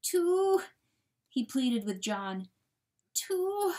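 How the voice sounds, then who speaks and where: A woman reading a storybook aloud, voicing a bewildered, grieving father coyote who pleads in halting, breathy, hushed words. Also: sits high, very animated, recorded from a distance, voice pushed up, heavily acted. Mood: pleading. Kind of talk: dramatic audiobook reading.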